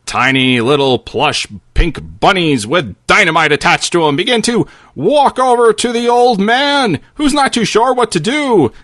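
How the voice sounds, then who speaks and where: A man tells a comedic fantasy story in a theatrical, playful way. His voice is high, bright and lively, and he takes it slowly. The sound is dry and close. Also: no echo.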